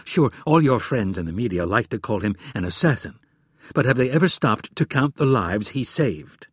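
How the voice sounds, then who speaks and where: A man's voice: medium pitch, animated, normal speed, breathy edge, no room sound, clean studio sound. A man voicing a cool, commanding woman who runs an intelligence agency, in a clipped and controlled way, for an audiobook. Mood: stern.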